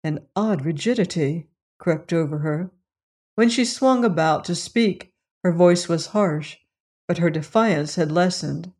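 Steady audiobook narrator. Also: medium pitch, a little slow. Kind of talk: scripted narration.

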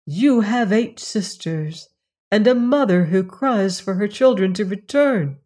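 A woman voicing a sorrowful young prince in a storybook, speaking softly and slowly as if talking in his sleep. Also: mid-range voice, lively intonation. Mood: tender. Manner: soft, slow, as if sleep-talking.

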